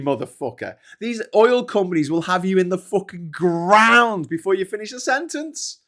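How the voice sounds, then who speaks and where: Sweary sarcastic British man, high voice. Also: animated, moderate pace, few pauses, a bit bright. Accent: British English. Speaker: host. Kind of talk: casual political commentary.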